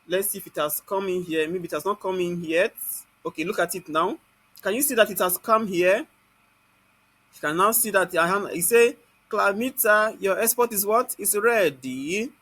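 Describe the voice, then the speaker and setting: A man with a Nigerian accent leads a live online software class. He keeps asking the class "what?" and then answers it himself. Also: sits high, no room sound. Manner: scolds students in Nigerian Pidgin.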